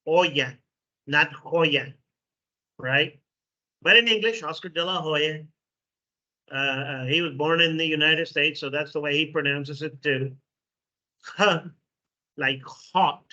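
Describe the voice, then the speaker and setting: Speaking really slowly in a sharp, bright, fairly high voice, a Spanish-speaking man from Mexico teaches English sounds in a classroom phonetics lesson. He repeats sounds and keeps checking in with "okay." The recording is lo-fi, muffled and dull.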